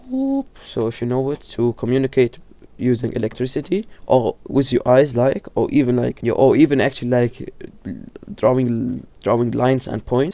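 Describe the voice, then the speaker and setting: A man's voice: mid-range voice, warm tone, clear, resonant tone, no room sound. A man casually explaining horror lore, often stumbling, restarting and correcting himself, with lots of fillers. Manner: informal, filler-heavy delivery.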